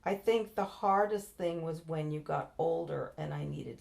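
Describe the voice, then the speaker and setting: An older American woman with a notably low-pitched voice, sharing memories with her grown child. She wanders from story to story, breaking off mid-sentence and circling back as details come to her. Her tone stays conversational and unhurried. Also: gravelly, darkish tone. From United States. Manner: rambling, meandering recollection with restarts. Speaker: interviewee, mother. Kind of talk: reminiscing in a family oral-history interview.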